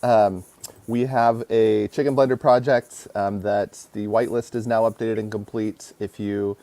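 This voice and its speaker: Upbeat man with a mellow voice. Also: on the low side, steady tone, a little slow, no room sound. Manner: upbeat, many fillers. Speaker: community member guest. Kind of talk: casual update on a call.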